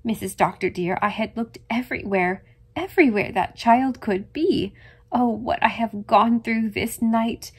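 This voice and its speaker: A woman's voice: a little high, measured pace, slightly rough. A woman voicing an anxious, devoted middle-aged housekeeper who speaks in a trembling, frightened way in an audiobook reading. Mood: frantic.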